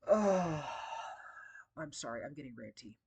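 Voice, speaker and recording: A man's voice: medium pitch, moderate pace, a bit bright. A man who works as a security guard, venting in a casual vlog, frustrated and profane, rambling and circling back to his points. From Las Vegas area.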